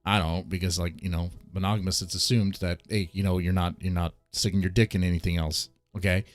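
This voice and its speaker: A man's voice: low voice, level tone, brisk, no echo, faint music behind. A man hosting a casual live stream, ranting bluntly and laughing often as he comments. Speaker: streamer host.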